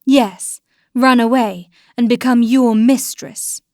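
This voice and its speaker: A woman's voice: a little high, steady tone, moderate pace, no echo, clean studio sound, close to an everyday voice. A woman reading the lines of a proud aristocratic young wife, with raised, bitter irony. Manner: bitter frivolous irony, louder than the narration.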